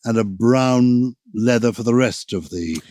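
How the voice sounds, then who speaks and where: A man's voice: mid-range voice, measured pace, darkish tone, dry recording, studio quality. A man co-hosting a podcast, chatting genially and reading listener letters aloud. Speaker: podcast co-host.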